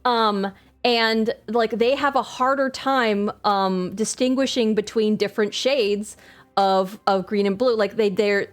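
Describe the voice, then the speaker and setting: A woman's voice: mid-range voice, fairly even intonation, unhurried, faint music behind. A woman streaming a game live, chatting casually in a rambling, enthusiastic way, full of filler words and self-corrections, laughing often.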